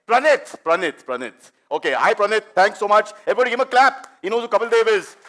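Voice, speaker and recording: A middle-aged man with an Indian English accent, doing animated stand-up storytelling and teasing the audience. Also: high-pitched, fast, some chatter behind. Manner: animated, chatty, teases the audience. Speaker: stand-up comedian.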